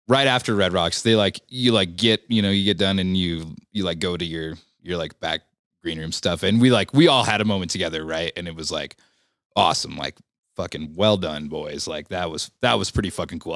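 A man's voice: deep voice, normal speed, a bit bright, no room sound, studio quality. A man guesting on a podcast, telling a story in a laid-back, rambling way with fillers and swearing. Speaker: band member guest. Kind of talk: casual storytelling in interview.

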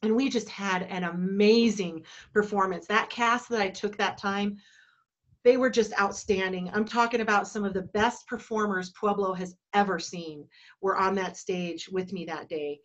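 A woman in her forties from Colorado, telling stories in a heartfelt, halting way and getting teary. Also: mid-range voice, fairly even intonation, muffled recording. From Colorado, USA. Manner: emotional, heartfelt, halting with restarts. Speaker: entertainment company owner. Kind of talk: reflective storytelling in a virtual talk. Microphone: video call.

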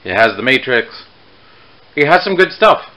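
A man's voice: medium pitch, big pitch swings, moderate pace, bright, forceful tone, low-quality recording. Chatty rambling male toy reviewer. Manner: rambling, self-correcting, chatty asides. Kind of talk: casual review vlog.

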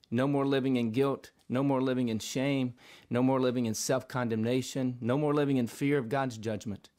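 A man's voice: mid-range voice, darkish tone. Earnest man giving a devotional Bible talk. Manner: earnest, repetitive preaching cadence with restarts. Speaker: vlogger preacher. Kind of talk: devotional Bible teaching vlog.

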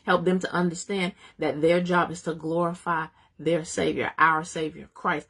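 Woman, Bible study teacher, husky voice, exhorting, greets viewers by name. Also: deep voice, little pitch movement, normal speed, few pauses, fairly bright tone.

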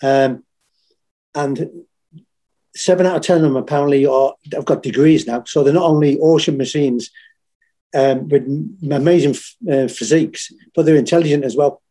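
A man's voice: a little high, moderate pace. Sweary Liverpool veteran in his fifties. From England. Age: 50s. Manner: blunt, swears freely, animated when quoting others. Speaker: interview guest, former Royal Marine and firefighter. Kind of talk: casual storytelling.

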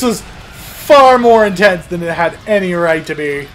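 Casual and sarcastic, this gameplay commentator laughs a lot as his medium-pitched voice jumps across a wide, lively range at a measured pace. Faint game music sits beneath his wisecracking let's-play talk.

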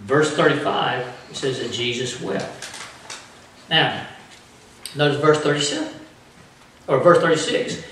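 A man preaching a sermon as pastor, with animated delivery that acts out the voices of the people in his story. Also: mid-range voice, measured pace, pauses often, slight background noise. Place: church sanctuary. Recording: echoey church from far off.

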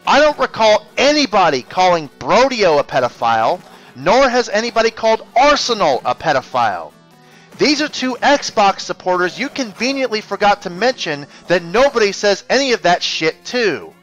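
A man's voice: high voice, sing-song, moderate pace, a bit bright, faint music behind, rough recording. A man narrating a combative, sarcastic exposé as a YouTube commentator.

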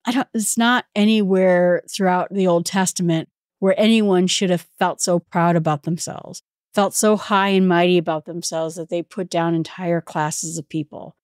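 Low-voiced woman teaching Bible study. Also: steady tone, normal speed, a little mellow, no echo, clean studio sound. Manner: conversational, explaining with casual asides. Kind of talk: informal Bible study talk.

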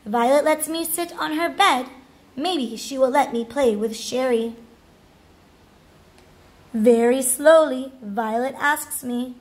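A woman reading a children's book aloud, with expressive, animated delivery. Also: high-pitched, measured pace. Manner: expressive, animated character voices. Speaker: storybook read-aloud narrator.

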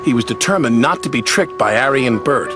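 A man narrating a children's train story in an animated storybook reading. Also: medium pitch, fairly quick. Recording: music playing behind.

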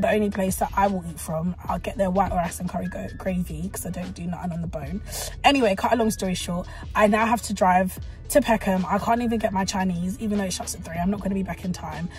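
A young woman, talking to camera in a lively, storytelling vlog. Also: medium pitch, brisk, faint music behind. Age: young adult. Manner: animated storytelling, exclaims often. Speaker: vlogger.

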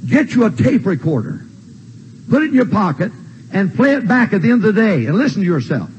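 An older man preaching a sermon in a church, emphatic and repetitive, with shouted refrains. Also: high-pitched, sing-song, fairly quick, highs cut off, slight background noise. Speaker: pastor. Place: church sanctuary.

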